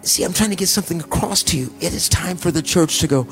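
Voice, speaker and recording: A male pastor, preaching a sermon in a casual storytelling way that drops to hushed, sighing asides. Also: on the high side, fast talker, faint music behind.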